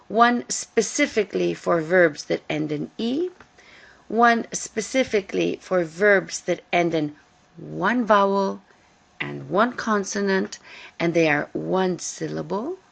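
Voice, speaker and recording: A woman teaching English grammar in a recorded lesson, explaining slowly and carefully and repeating key points. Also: fairly low pitch, vocal fry, fairly bright tone. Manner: slow, careful explaining with repetition.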